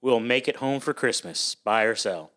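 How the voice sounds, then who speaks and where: A man's voice: medium pitch, expressive, normal speed, fairly bright tone. A man hosting a casual podcast, upbeat and loose, laughing often as he leads the chat. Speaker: podcast host.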